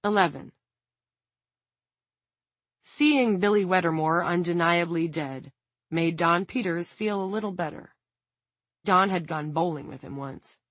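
A woman reading an audiobook in a measured, dramatic narration. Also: on the low side, dry recording.

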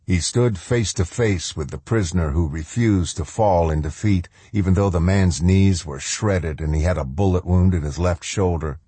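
A man narrating a story in a measured, grave storytelling manner. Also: low voice, warm tone, slightly rough, no room sound. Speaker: audiobook narrator. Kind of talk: scripted narration.

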